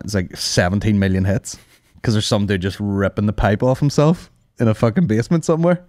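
A man's voice: on the low side, brisk, darkish tone, no room sound, studio quality. A man hosting a comedy podcast, ranting casually with plenty of swearing and laughing at his own jokes. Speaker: podcast host.

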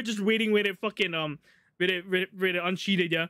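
A man streaming a video game live, excitable, swearing a lot and joking with chat. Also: high voice, quick pace, no room sound. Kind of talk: live gameplay commentary.

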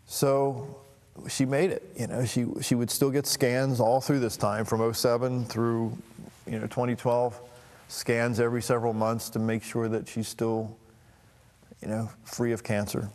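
A middle-aged man telling a personal family story in a halting, emotional way, with frequent restarts. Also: medium pitch, level tone, darkish tone, in a large hall. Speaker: talk show host.

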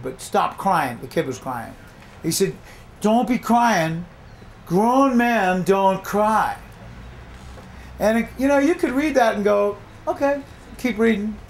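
A middle-aged man teaching a songwriting workshop, animated, acting out his own reactions as he talks. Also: high voice, a little hiss or hum. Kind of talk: workshop talk to a class.

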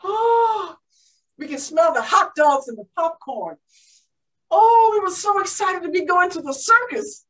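A woman performing a pioneering woman aviator who tells of her childhood in an animated one-woman show, gasping with excitement. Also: very high voice, a little slow, recorded from a distance, heavily acted, rough recording. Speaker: living-history performer.

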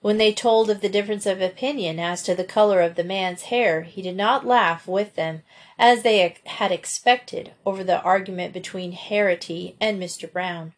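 A woman reading a children's book aloud in steady storybook narration. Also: medium pitch, moderate pace.

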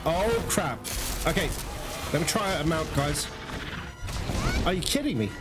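A young man giving excitable live gameplay commentary as host, groaning, swearing and laughing at the game. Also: on the high side, a little slow. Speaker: gaming video host. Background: loud game music.

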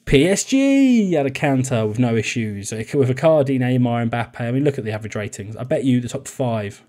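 Young guy chatting over a football manager save, warm low-key tone, jokey. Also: animated, moderate pace. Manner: chatty, jokey, laughs often. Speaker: video game YouTuber. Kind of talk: casual gameplay commentary.

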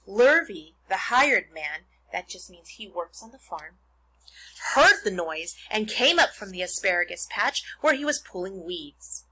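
A woman teacher reading a children's novel aloud to her pupils, expressive and stopping to explain words. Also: mid-range voice, unhurried, breathy edge, rough recording.

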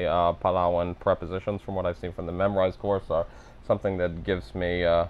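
A man works through practice phrases on his own, repeating them and musing aloud about where he went wrong. He is self-deprecating, and his voice sits low. The recording sounds dull and lo-fi. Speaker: language learner and video host. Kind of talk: self-narrated practice session.

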